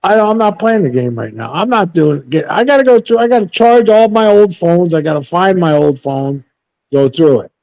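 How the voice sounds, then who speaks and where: A man in a casual live chat whose voice sits a little high. He rambles through stories, bluntly and full of profanity. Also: animated, normal speed, a little mellow, no echo, lo-fi sound. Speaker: panel host.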